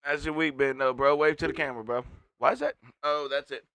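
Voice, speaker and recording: Rambling, laid-back man, slightly high voice. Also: steady tone, fairly quick, a bit bright, no echo. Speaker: stream co-host. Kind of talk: casual stream chat.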